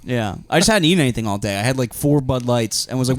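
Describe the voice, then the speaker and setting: A man's voice: mid-range voice, lively intonation, fast talker, dry recording. A man with a Philadelphia-area accent rambles through his stories in casual podcast chat. He laughs often and acts out what everyone said. The sound is dry and close, with no room around it. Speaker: podcast co-host.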